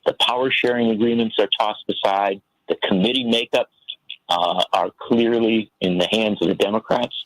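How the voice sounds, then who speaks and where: Man, radio guest, husky gravelly voice, earnest political commentary, dry sound. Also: fairly low pitch, steady tone, normal speed, fairly bright tone, dry recording, low-quality recording. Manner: earnest, impassioned, tells stories.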